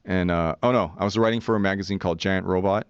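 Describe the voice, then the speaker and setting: Animated, low-voiced man in his forties. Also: fast talker, clear, resonant tone, no room sound, highs cut off. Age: 40s. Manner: animated, profane storyteller who acts out quotes. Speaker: podcast guest. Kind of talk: casual storytelling.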